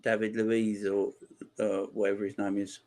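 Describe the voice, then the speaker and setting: With a flat delivery and moderate pace, a man hosts a live football watchalong, chatting with viewer comments and giving laid-back commentary. He reacts loudly to chances on the pitch.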